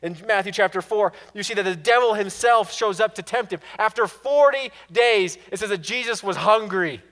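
A man preaching a sermon, swinging from loud, pressing questions to hushed, quiet endings. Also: sits high, fairly quick. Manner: dynamic preaching, rising to loud questions and dropping to hushed asides. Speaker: pastor.

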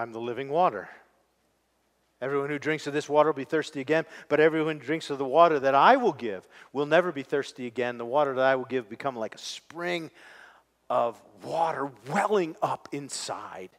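A man's voice: mid-range voice, a little fast. A man, preaching a sermon to his congregation and putting questions to them. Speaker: pastor. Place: church sanctuary. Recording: long reverb of a large hall.

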